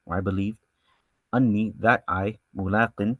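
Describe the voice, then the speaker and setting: A man's voice: on the low side, steady tone, quick pace, no echo, narrow, tinny audio. A man teaching a verse-by-verse scripture lesson who reads each Arabic line and then explains it casually, often restarting his sentences. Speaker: religious studies teacher.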